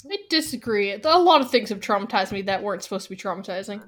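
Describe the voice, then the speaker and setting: A woman's voice: medium pitch, animated, fast, a bit bright. A Canadian woman co-hosting a podcast in casual chat, making dry, short remarks. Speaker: podcast co-host.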